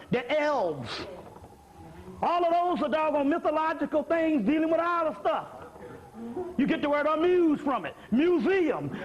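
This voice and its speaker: A man lectures in a profane, joking, streetwise preaching style. His voice sits very high. The recording is dull and lo-fi. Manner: profane, streetwise, comic preaching with repeated asides. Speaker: lecturer on spirituality. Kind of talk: lecture to a live audience.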